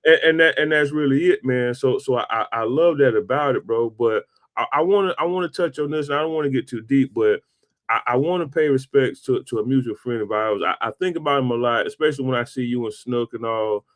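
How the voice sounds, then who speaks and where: A man in his forties hosting a casual interview, telling stories in a relaxed, slang-filled way. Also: mid-range voice, a little fast. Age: 40s. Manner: slangy storytelling, peppered with "bro" and "man". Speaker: podcast host.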